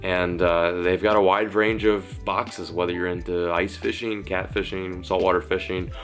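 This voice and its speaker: A young man narrating his ice fishing trip in a casual vlog, chatty and easily excited, outdoors on a frozen lake. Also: low voice, normal speed, faint music behind. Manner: excitable, shouting and laughing during the catch. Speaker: fishing vlogger.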